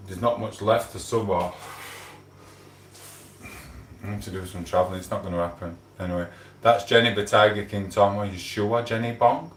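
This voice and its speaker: A man's voice: fairly low pitch, fairly even intonation, a little fast, a bit bright, slight background noise. A man hosting a casual livestream at home, chatting and greeting viewers by name. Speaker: livestream host. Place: room at home. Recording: echoey room.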